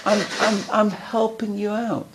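A man's voice: high-pitched, level tone, unhurried, background noise, pitched above the performer's own voice. A man voicing the evil inclination as a sly male tempter who speaks sweetly and pretends to look after you. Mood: coaxing. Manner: soothing, wheedling, falsely caring.

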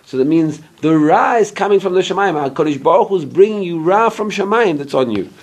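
His voice sits high with lively intonation as this Torah teacher gives an informal Bible class. He explains verses in order, makes sure listeners are with him, and occasionally pauses to hunt for the English term he wants.

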